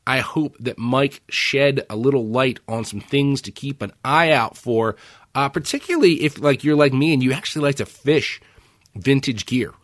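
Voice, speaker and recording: A male podcast host telling casual stories with energy, swearing freely and acting out what other people said. His voice sits at a middle pitch for a man and is recorded dry and close, with no room echo. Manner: animated storytelling with swearing and acted-out quotes. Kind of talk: casual chat.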